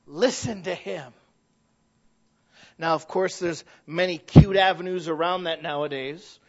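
A man with a high-pitched voice preaches a sermon with passion, and his stories sometimes build to shouts. The recording sounds dull and lo-fi. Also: unhurried, long pauses. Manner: impassioned, rising to shouted emphasis; storytelling asides.

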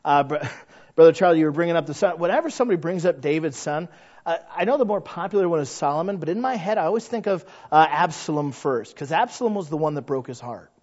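Animated man preaching in a high voice. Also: fast. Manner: animated storyteller who acts out quoted voices. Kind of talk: sermon. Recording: slightly dull lo-fi sound.

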